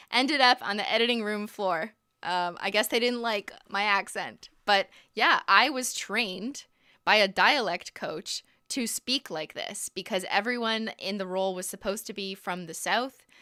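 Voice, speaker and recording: Bright, crisp-voiced woman chatting on a livestream. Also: medium pitch, no room sound, clean studio sound. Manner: chatty, laughs often, trails off in restarts. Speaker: livestream host. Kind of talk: casual livestream chat.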